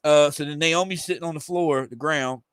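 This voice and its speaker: A man's voice: on the high side, normal speed, a bit bright, clear, resonant tone, no echo, clean studio sound. A man casually reading a comic aloud and commenting on it, rambling and correcting himself as he goes. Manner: rambling, hesitant, with fillers and self-corrections.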